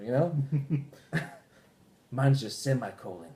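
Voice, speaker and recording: A man's voice: mid-range voice, unhurried. Guy ranting on a podcast, swears a lot, voice jumps all over. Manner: animated, profane ranting with mock quoted voices. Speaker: podcast host. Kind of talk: casual chat.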